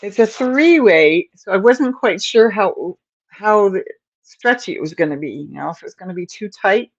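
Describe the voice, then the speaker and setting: A woman's voice: medium pitch, lively intonation, normal speed, no echo, lo-fi sound. A woman hosting a casual crochet livestream, chatting to viewers and muttering to herself as she works stitches, often apologetic. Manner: chatty, distracted, talking to herself while crocheting; apologetic, yawning.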